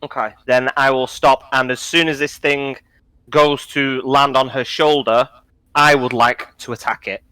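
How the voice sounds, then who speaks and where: A man's voice: mid-range voice, fairly even intonation, unhurried, sharp tone, smooth, no echo, low-quality recording. A man playing a tabletop game, eagerly arguing his case in casual chat. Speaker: player.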